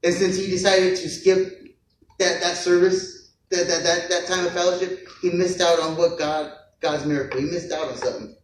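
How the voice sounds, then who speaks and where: A man's voice: high voice, flat delivery, moderate pace, slight background noise. A male pastor giving a casual, conversational sermon, acting out the people in the story and often repeating words. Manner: conversational, acts out voices of figures, repeats words. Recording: echoey church hall from far off.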